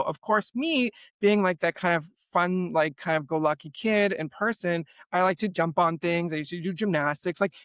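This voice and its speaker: A young man telling a personal story as a podcast guest, animated and full of "like" fillers. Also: fairly high pitch, no room sound. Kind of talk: storytelling in an interview.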